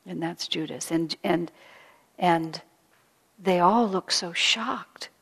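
Woman spiritual teacher telling the old story, lowish soft voice, goes hushed a lot, earnest. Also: takes it slowly, gravelly, slightly rough, long reverb tail. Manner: soft-spoken, often drops to a hush; earnest and reflective, repeats phrases.

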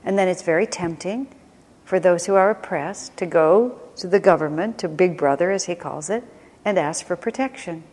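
A woman's voice: on the low side, moderate pace, darkish tone. Woman teaching in a reverberant hall. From United States. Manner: conversational, reflective, with restarts. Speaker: spiritual teacher. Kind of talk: teaching a class.

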